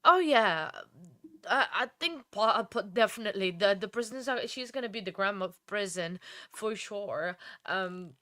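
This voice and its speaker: A woman's voice: mid-range voice, unhurried, bright, forceful tone. A tired woman hosts a casual livestream, talking to her viewers in a heartfelt, rambling way, full of restarts and fillers. Her voice sits in a middle range. The sound is dry, with no room echo. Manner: emotional and heartfelt. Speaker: true crime livestream host. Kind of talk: casual live stream chat.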